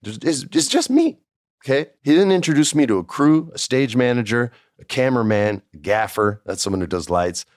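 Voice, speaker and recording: A man's voice: mid-range voice, brisk, hardly any pauses, no room sound, clean studio sound. A man from New Mexico in his forties, hosting a podcast and telling a backstage anecdote, acting out the people in it. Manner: animated, acts out quoted voices. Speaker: podcast host. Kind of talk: storytelling anecdote.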